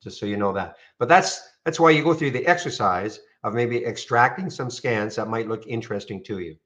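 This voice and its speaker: A man casually walking viewers through trading software on a screen share, rambling and checking in with "okay?". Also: mid-range voice, brisk. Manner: rambling, frequent restarts and "okay?" check-ins.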